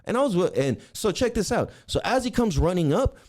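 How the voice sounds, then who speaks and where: A man hosting a podcast, telling a heated story in a profane rant that swings between shouting and low mutters. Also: very animated, brisk. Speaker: podcast host.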